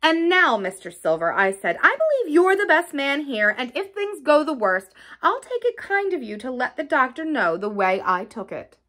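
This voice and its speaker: A woman's voice: high-pitched, sing-song, normal speed, few pauses, a bit bright. A woman reading the lines of a brave teenage boy, speaking out with impassioned defiance. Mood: defiant. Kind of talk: audiobook character reading.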